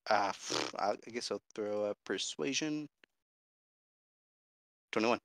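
Bright-voiced hesitant male player. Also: fairly low pitch, lively intonation, takes it slowly, creaky, no room sound. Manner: hesitant, stammering. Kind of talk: casual tabletop play.

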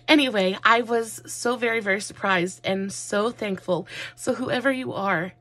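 A woman talks her way through a makeup tutorial, gushing and wandering with plenty of fillers. Her voice sits at a middle pitch with a husky edge to it. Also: moderate pace, fairly bright tone. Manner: rambling, many fillers, gushing. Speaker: makeup vlogger.

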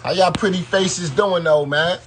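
A man's voice: sits high, moderate pace, fairly bright tone, slight background noise. A man giving loose, slangy live-stream commentary and talking straight to his viewers. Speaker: YouTube commentator.

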